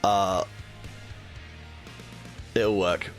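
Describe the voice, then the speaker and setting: Playful low-voiced male streamer. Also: flat delivery, extremely slow, soft background music. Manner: playful, laughs often. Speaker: streamer and co-host. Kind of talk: casual live-stream chat.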